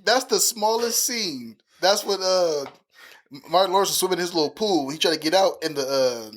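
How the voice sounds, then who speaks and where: A man's voice: high-pitched, animated, normal speed, fairly bright tone. A man co-hosting a podcast, telling rambling work stories in casual chat and laughing along. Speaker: podcast co-host.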